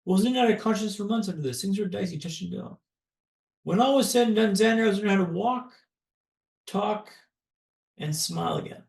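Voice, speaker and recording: A man from Canada, a podcast guest, telling a personal story in a dramatic, paced way with pauses. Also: high voice, vocal fry, a little mellow, echoey room.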